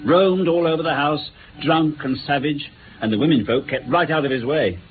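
An actor playing an earnest, frustrated police inspector in a radio drama, reporting in a plain, matter-of-fact way. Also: male voice, a little high, normal speed, natural voice. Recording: tinny phone-like radio broadcast with faint hiss.

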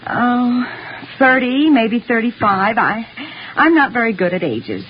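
A woman's voice: a little high, lively intonation, measured pace, a little hiss or hum. An actress playing a nervous, evasive woman neighbour who answers in flustered, hesitant bits, in 1940s radio acting style, from a dull lo-fi old radio recording.

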